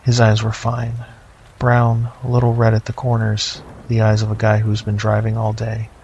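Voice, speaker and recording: A middle-aged man narrating a first-person horror story in a slow, measured, deadpan way. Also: fairly low pitch, creaky. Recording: slightly dull lo-fi, faint noise.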